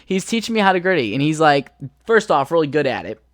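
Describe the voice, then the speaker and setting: A man's voice: on the high side, very animated, quick pace, fairly bright tone, no room sound, clean studio sound. A young man hosting a podcast, telling a rambling story in a laid-back, profane way full of fillers. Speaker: podcast host. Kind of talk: casual storytelling.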